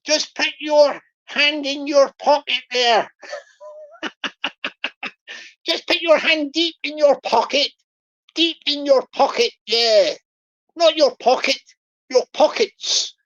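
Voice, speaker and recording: Woman putting on a pushy male scammer, louder and higher. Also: very slow, long pauses, exaggerated voice. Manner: repetitive, cajoling, laughs between lines. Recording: lo-fi dull stream audio.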